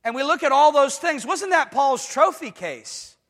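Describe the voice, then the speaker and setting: A man's voice: extremely high pitch, lively intonation, moderate pace, a bit bright. A man preaching a sermon with emphatic delivery, often asking the congregation whether they follow him and acting out voices in bursts. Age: adult. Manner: emphatic, with call-and-response questions to the congregation; acts out quoted voices in dramatic bursts. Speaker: pastor. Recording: reverberant hall.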